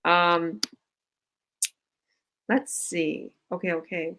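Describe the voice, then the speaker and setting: A woman's voice: lowish voice, fairly even intonation, extremely slow, bright, forceful tone, rough recording. A woman coach hosting a casual live stream over a video call, gushing with enthusiastic praise.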